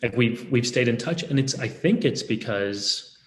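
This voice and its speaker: A man in his thirties telling a personal story in a reflective, halting way, often restarting his words. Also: mid-range voice, expressive. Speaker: speaker. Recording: echoey room.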